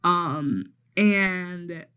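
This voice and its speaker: Podcast co-host, woman with a lower voice, lively storyteller who acts out every quote. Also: extremely slow, clear, resonant tone. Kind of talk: casual recap chat.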